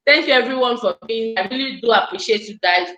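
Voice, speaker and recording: A woman's voice: on the high side, a little fast, a bit bright, roomy sound, lo-fi sound. A woman hosting a casual live stream, chatting effusively and speaking straight to her viewers.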